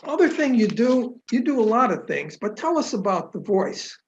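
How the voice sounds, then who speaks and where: A man conducts a live interview, asking his questions in a halting manner that stumbles on its starts. The recording is dull and lo-fi. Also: very high voice, very animated, a little hiss or hum. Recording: dull lo-fi sound.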